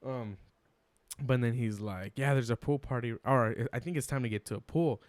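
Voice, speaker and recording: बीस-पच्चीस साल का एक आदमी, पॉडकास्ट मेहमान, हँसते हुए अनौपचारिक अंदाज़ में किस्सा सुनाता।. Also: male voice, medium pitch, normal speed, no echo. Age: 20s. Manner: laughs often, lively retelling. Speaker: podcast guest. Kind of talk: casual chat.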